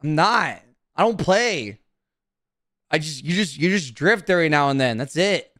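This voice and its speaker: A man's voice: fairly high pitch, lively intonation, normal speed, fairly bright tone, no echo, clean studio sound. A young man streaming casually, talking to his chat in a brash, profane, defensive way.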